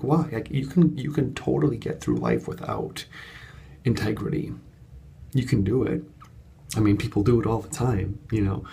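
Gravelly, chatty man vlogging from home. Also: medium pitch, slight background noise. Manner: chatty, animated storytelling with many fillers. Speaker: vlogger and course coach. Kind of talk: unedited casual vlog monologue. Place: home studio apartment at night.

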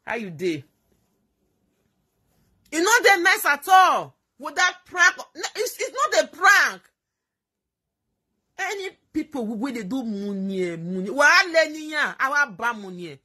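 A woman's voice: fairly high pitch, sharp tone, slightly rough. A woman speaking Nigerian Pidgin English, ranting on a casual live stream, emphatic and scolding, repeating herself and laughing as she goes. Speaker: social media commentator.

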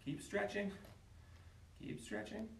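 A man teaching an online martial arts class, counting reps and giving instructions with bursts of shouted yells. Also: high-pitched, slow, gravelly, distant mic, a little hiss or hum. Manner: energetic, calls counts and shouts kiai yells. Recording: echoey room, voice away from the mic.

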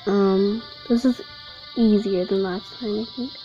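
A woman's voice: mid-range voice, fairly even intonation, a little slow, dark tone, dull audio, soft background music. A woman giving nervous, jumpy, giggly commentary while playing a horror game. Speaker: gamer.

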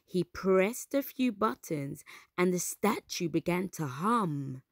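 Woman reading a kids story, slow and gentle, lots of ups and downs, dry close mic. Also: on the low side, creaky, dry recording. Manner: gentle, expressive and unhurried. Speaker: children's storyteller. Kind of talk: reading a storybook aloud to children.

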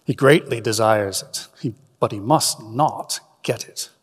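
A man voicing an old, wise male wizard in a dramatic reading, speaking slowly, deeply and with measured steadiness. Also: slightly rough, long reverb tail. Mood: grave. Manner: slow, deep and measured.

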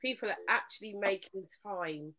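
A woman's voice: mid-range voice, moderate pace, a crowd in the background, low-quality recording. A woman hosting a live relationship talk show, chatting casually with callers, laughing often and turning earnest when she urges listeners.

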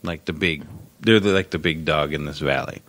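A man's voice: rumbling low, normal speed, fairly bright tone. A man co-hosting a casual chat, telling a long story in a rambling, profane and wry way. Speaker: podcast co-host.

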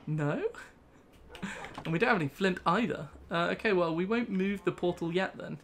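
During a relaxed let's play, a young British gaming host wanders through a story, laughing along the way. He speaks in a high, slightly bright voice at moderate speed, and the recording has a little hiss or hum.

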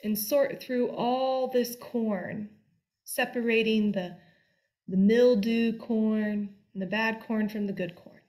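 A woman voicing a fearsome old witch in a told folk tale, speaking in a slow, half-whispered, menacing way. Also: on the high side, fairly even intonation, darkish tone. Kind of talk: storytelling.

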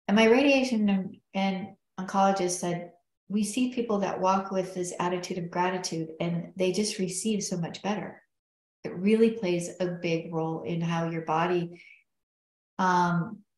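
Earnest woman telling her story, echoey room. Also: fairly low pitch. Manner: earnest, reflective, quotes others as she tells. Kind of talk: personal storytelling in conversation. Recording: roomy echo.

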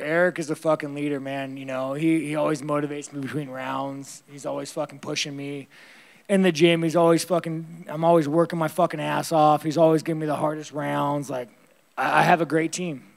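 Swearing constantly and laughing often, a male fighter rambles through blunt answers at a press conference in a slightly high, creaky voice.

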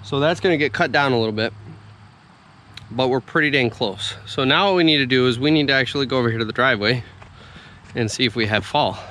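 In this casual walk-and-talk vlog, a heavy machinery operator tours a building site, chewing a bit as he complains and breaks down his work step by step. His mid-range voice is fast and sharp-toned, with a little hiss or hum in the audio.

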